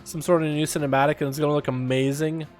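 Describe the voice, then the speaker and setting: A young man livestreaming a video game in a casual chat, reading and answering his chat, with sudden loud excited outbursts. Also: on the high side, fast talker, faint music behind. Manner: chatty, reads and answers chat, bursts into loud excited outcries.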